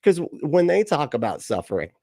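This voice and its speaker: A man's voice: fairly high pitch, wildly swooping pitch, fairly quick, warm tone, husky, no room sound, studio quality. Sarcastic man reacting on livestream. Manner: sarcastic, profane, laughs often, mocking voices. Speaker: livestream host reacting to videos. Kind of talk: casual livestream commentary.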